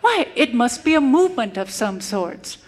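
A woman's voice: fairly high pitch, very animated, normal speed, a little hiss or hum. A woman voicing a cultured young New York woman tourist with a prim, affected manner. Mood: prim, worldly.

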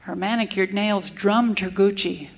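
A woman's voice: medium pitch, unhurried. A woman reciting a humorous rhyming cowboy poem in a wry storytelling manner. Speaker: cowboy poet.

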